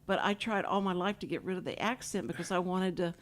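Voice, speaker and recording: A woman's voice: on the low side, steady tone, quick pace. A woman from Houston hosting a talk show, rambling and laughing often as she chats with guests. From Houston, Texas. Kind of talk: casual chat. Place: radio studio.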